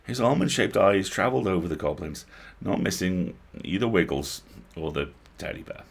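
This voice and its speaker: A man reading a novel aloud on a livestream, expressive, breaking off to comment on lines he likes. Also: deep voice, moderate pace, vocal fry, husky. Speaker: host reading a book aloud.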